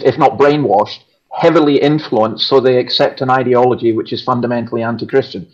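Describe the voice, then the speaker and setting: Scottish pastor, emphatic and opinionated. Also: male voice, medium pitch, lo-fi sound. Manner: emphatic, opinionated, self-deprecating humor. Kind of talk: casual radio chat.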